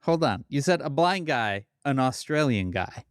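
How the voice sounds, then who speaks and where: A man's voice: medium pitch, animated, a little slow, clean tone, dry recording, clean studio sound. A man co-hosting a podcast in casual chat, reading items aloud and giving brief, amused replies. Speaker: podcast co-host.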